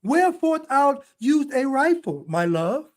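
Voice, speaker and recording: A man's voice: very high voice, sing-song, a little slow, pitched above the performer's own voice, heavily acted. A man voicing a mocking, flowery lovesick partner who talks in old-fashioned words. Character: mock lovesick partner, overly flowery and calm.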